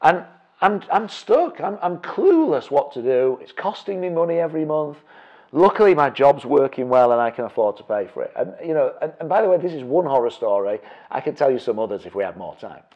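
A man's voice: fairly high pitch, big pitch swings, a little fast, highs cut off. A middle-aged man teaching property investing through a personal story, acting out his own reactions with big jumps in voice. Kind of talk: storytelling presentation.

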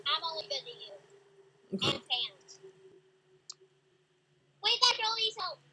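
A woman's voice: high voice, big pitch swings, slow, sharp tone, poor audio. A young girl playing a game and chatting, bossy and playful, giving orders to her partner. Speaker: gamer. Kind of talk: casual gameplay chat.

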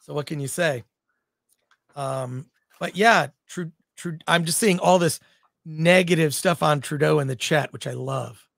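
Co-hosting a film talk livestream, this man jokes around and reads viewer comments out loud in a talkative way. His voice sits a little high with some vocal fry and a slightly bright tone, and he takes his time. The studio-quality audio has no echo.

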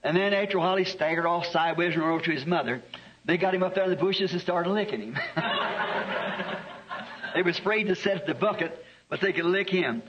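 A man's voice: high voice, quick pace, background noise. A man, a preacher telling a homespun story in a sermon, chuckling through his anecdotes. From American South. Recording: dull lo-fi archive tape.

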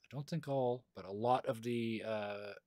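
A man's voice: medium pitch, moderate pace, a little mellow, dry recording. Casual game master man, dry voice. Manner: casual, rambling, laughs a lot. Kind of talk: explaining game rules on a stream.

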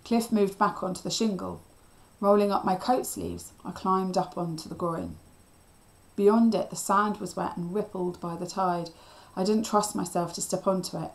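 A woman teacher reading a children's novel aloud in a steady, expressive storytelling voice. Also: medium pitch, moderate pace, low-quality recording.

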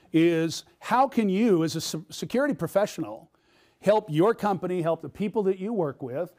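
High-voiced man giving a keynote. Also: a little mellow. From United States. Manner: storytelling, asks the audience questions. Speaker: keynote speaker. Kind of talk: conference keynote talk.

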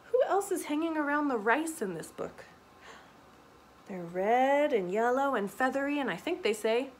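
A children's librarian reading a picture book aloud, animated, with gasps, whispered asides, questions to the children and Spanish words. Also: female voice, a little high, a little slow, a little hiss or hum. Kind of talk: storytime read-aloud for kids.

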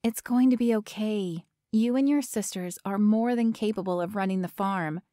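A woman voicing a young woman who speaks softly and reassuringly. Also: mid-range voice, moderate pace, no echo, studio quality, close to an everyday voice. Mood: soothing. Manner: soft, soothing and reassuring.

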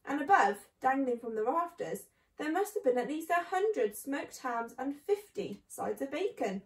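A woman reading a children's book aloud in a clear, steady storytelling manner. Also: high voice, measured pace, recorded from a distance. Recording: echoey room.

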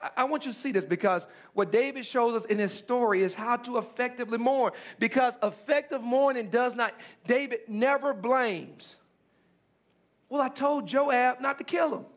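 Man, very high voice, pastor preaching, emphatic repetition, stammered restarts. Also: moderate pace. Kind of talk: sermon.

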